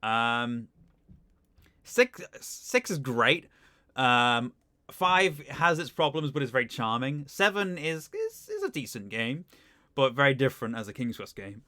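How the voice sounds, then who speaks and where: A man's voice: medium pitch, big pitch swings, unhurried, bright, forceful tone, dry recording, clean studio sound. A man streaming a game playthrough, talking casually and chattily, often giggling and stumbling through fillers and restarts. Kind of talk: casual live-stream commentary.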